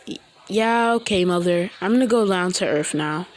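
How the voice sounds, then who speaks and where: A woman voicing an eager young goddess girl, in an earnest tone a little higher than her narration. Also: moderate pace, close to an everyday voice.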